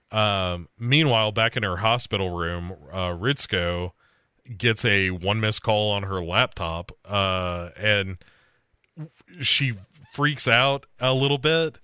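A man's voice: on the low side, takes it slowly, bright, forceful tone, clear, resonant tone, no room sound, studio quality. A man hosting a casual podcast and recapping a TV series, loose and profane, with lots of fillers. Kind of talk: casual chat.

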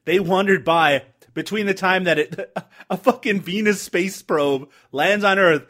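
A man's voice: sits high, a little slow, fairly bright tone. A man co-hosting a casual movie commentary show, joking, swearing and laughing often. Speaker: movie review podcast co-host.

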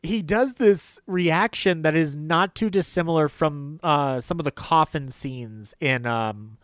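Animated laughing man on a podcast. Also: measured pace, clean tone, dry recording, clean studio sound. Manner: animated, laughs often, acts out quotes in a high voice. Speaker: podcast co-host discussing old films. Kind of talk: casual chat.

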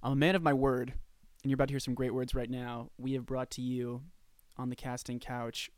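A man's voice: mid-range voice, flat delivery, a little fast, very noisy. A man hosting a casual interview, cracking puns and playful asides. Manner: punning, playful patter. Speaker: podcast host.

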